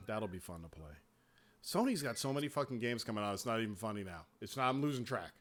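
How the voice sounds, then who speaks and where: A man hosting a casual gaming chat show, talking in a profane, animated way and laughing often. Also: fairly low pitch, quick pace. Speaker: show host.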